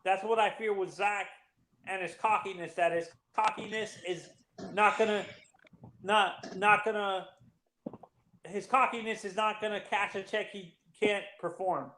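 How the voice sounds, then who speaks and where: A fairly high-voiced man talking sports, building his argument in stops and restarts. His voice rings around an echoey room. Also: fairly even intonation, pushed and bright, slight background noise. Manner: halting, restarts often. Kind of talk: casual sports chat.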